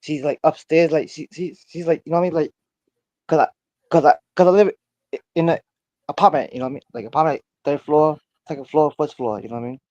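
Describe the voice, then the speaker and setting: A man tells his story over a muffled, lo-fi line. His voice sits a little high, and he rambles, stumbling over repeated words and fillers. The sound is dry and close. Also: quick pace, a little mellow, dry recording. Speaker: caller. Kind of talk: casual storytelling.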